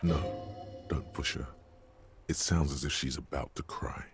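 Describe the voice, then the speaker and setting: A man's voice: very deep voice, steady tone, unhurried, husky, soft background music, heavily acted. A man voicing the grave inner-voice narrator of a detective game, solemn and commanding.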